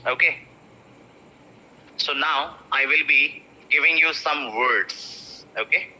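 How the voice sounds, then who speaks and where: A man teaches pronunciation over a video call, his voice very bright and a little high. He says each word again and again and mixes in Hindi phrases. The audio sounds dull and lo-fi. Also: takes it slowly. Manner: repeats words over and over, mixing in Hindi phrases. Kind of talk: online class drilling pronunciation.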